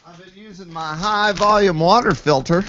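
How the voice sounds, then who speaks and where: Animated man telling a story. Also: normal speed, highs cut off, crowd noise. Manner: animated storyteller, jumps to high pitch when quoting people. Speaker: host, site admin. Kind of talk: casual chat, storytelling.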